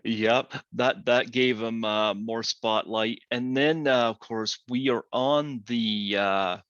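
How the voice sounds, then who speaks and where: A man in his forties hosting an interview, talking slowly with many fillers and pauses. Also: mid-range voice, steady tone, a bit bright, no echo. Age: 40s. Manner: slow, halting, many fillers. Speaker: podcast host. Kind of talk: casual interview. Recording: dull lo-fi sound.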